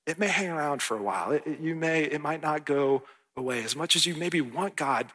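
A pastor in his thirties delivers a sermon with an earnest, conversational manner. His voice is bright and forward with a husky edge, and he keeps checking in with the congregation. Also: a little high, fairly quick. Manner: earnest, conversational, often asks "right?". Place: church.

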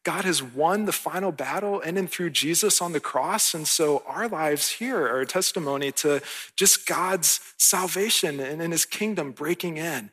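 A man's voice: fairly high pitch, normal speed, pushed and bright, breathy edge. A man in his thirties, a pastor preaching a sermon in a church in an earnest, conversational way, often checking in with "right?".

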